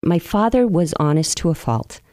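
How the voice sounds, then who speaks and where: A woman recounting her life in an interview, earnest and open, with soft pauses as she reflects. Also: lowish voice, big pitch swings, no echo. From New England, US. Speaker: interview guest.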